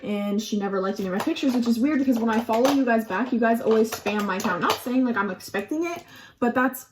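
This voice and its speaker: A woman's voice: a little high, lively intonation, fast talker, noisy background. A young adult woman telling a casual storytime on her vlog, chatty and profane, with lots of "like". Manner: chatty and profane, heavy use of "like". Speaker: vlogger.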